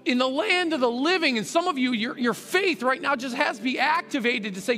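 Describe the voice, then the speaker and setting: A man's voice: very high voice, expressive, brisk, few pauses, bright, forceful tone, faint music behind. A man preaching a sermon as a pastor, earnest and rising to fervent emphasis. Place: church sanctuary. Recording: long hall reverb.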